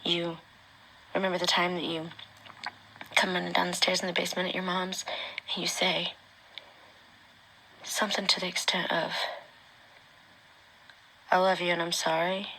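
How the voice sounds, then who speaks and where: A woman speaking an emotional personal testimony straight to her former partner, often dropping to a hushed whisper. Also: fairly low pitch, little pitch movement, normal speed, pauses often, a little hiss or hum, rough recording. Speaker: mother recounting her own experience.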